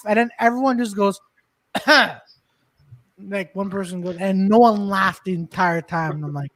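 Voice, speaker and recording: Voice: medium pitch, steady tone, normal speed, no room sound. A podcast co-host telling a rambling story, full of hesitant ums and uhs. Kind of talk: casual storytelling.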